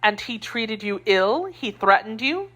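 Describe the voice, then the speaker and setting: Woman reader doing a fierce young wife, scornful and passionate, pitch leaping all over. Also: sing-song, a little slow, a bit bright, heavily acted. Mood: indignant. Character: spirited young woman, loyal to her queen.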